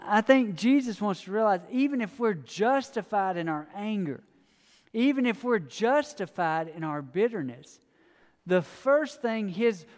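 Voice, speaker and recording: A man delivers a sermon in a fairly high voice. He speaks in a folksy, storytelling way, talking straight to the congregation. His voice carries a long reverb from a large church hall. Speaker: pastor.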